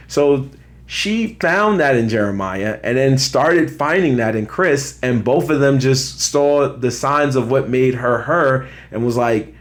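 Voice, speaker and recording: Host type: New York man, mid pitch, lively slang-heavy recap talk. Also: a little slow. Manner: animated, slangy, talks straight to viewers. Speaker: show host. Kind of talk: casual reality TV commentary.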